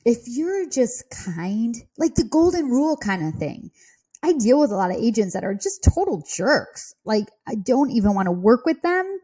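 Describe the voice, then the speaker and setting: A woman who works as a real estate agent, telling a story on a podcast in a chatty, animated way and giggling often. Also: fairly high pitch, normal speed, husky.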